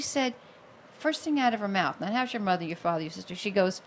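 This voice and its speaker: A woman in her fifties, an author telling a personal story in an animated, expressive way, acting out the voices of people she quotes. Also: mid-range voice, brisk, slight background noise. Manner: expressive, acts out quoted voices, many fillers.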